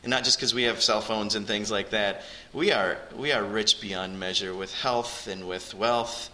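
A man preaching a sermon to his congregation, earnest and direct, often rising in pitch and force to stress a point. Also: steady tone, moderate pace, bright, forceful tone, slight background noise, low-quality recording. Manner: earnest, rises in pitch and volume for emphasis, addresses the congregation directly. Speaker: pastor. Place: church.

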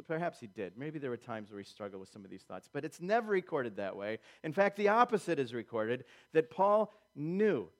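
Preaching in a fairly high-pitched voice, this pastor leaps into dramatic voiced quotes and repeats his points for emphasis. His tone shifts from gentle asides to powerful proclamations.

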